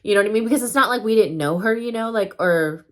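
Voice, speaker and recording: A woman's voice: medium pitch, fast talker. A woman vlogger telling a story time in casual chat, full of fillers and loose swearing.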